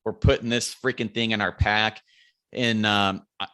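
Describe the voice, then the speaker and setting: A man as a podcast guest, telling a hunting story in a casual, animated way. He swears freely and raises his voice to quote friends yelling. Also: lowish voice, moderate pace, clean tone, no echo. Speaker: podcast guest, bow hunter.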